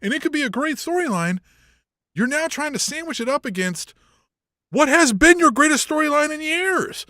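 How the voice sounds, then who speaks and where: A man's voice: very high voice, moderate pace, no echo, clean studio sound. A man co-hosting a wrestling podcast, chatting casually, swearing freely and laughing often. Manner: profane, animated, laughs often. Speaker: podcast co-host.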